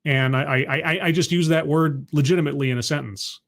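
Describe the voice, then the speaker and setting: Male streamer, rambling and wry, voice a bit high, casual wrap-up. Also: fairly even intonation, fast, gravelly, a bit bright. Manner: rambling, self-deprecating, with restarts. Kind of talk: casual live-stream sign-off.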